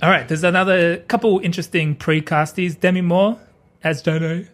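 A man's voice: high voice, fairly even intonation, a little fast, fairly bright tone. A man hosting a casual film podcast, laid-back and often chuckling as he talks. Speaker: podcast host.

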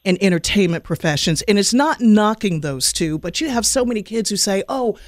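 High-voiced, hoarse male host. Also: animated, fairly quick, no echo. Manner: affirming, encouraging, frequent agreement. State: losing his voice. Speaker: program host. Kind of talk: hosting a panel discussion.

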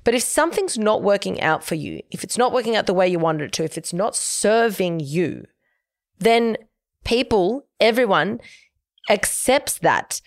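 A woman's voice: mid-range voice, lively intonation, moderate pace, dry recording, studio quality. A young adult woman hosting a casual solo podcast, chatty and emphatic as she gives advice. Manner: chatty, emphatic, giving advice with quoted asides. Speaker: podcast host.

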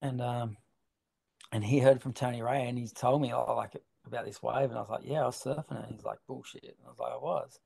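A man's voice: mid-range voice, steady tone, fast, vocal fry, mellow, husky. A middle-aged Australian man, a big wave surfer, telling long rambling stories in a casual interview, swearing and laughing freely.

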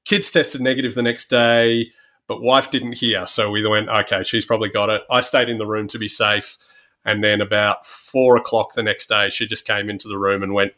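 A man's voice: fairly low pitch, normal speed. A middle-aged Australian man hosting a podcast, chatting and spinning jokey anecdotes. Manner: jokey, animated storyteller. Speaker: podcast host. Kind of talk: casual chat.

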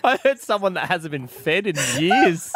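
A man's voice: high voice, sing-song, moderate pace, background noise. A man co-hosting a radio show, teasing and jokey, laughing often as he plays a song quiz. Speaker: co-host and quiz contestant. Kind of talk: casual radio banter. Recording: music playing underneath.

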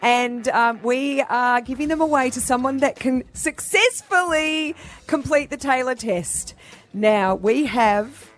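Very high-voiced bubbly radio host woman. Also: takes it slowly. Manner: bubbly and gushing. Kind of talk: live breakfast radio.

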